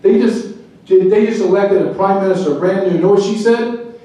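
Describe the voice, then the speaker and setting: A middle-aged man, a retired border agent, giving a fervent speech to a club, swinging from loud to quiet. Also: high voice, lively intonation, moderate pace. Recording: very echoey room, speaker far from mic.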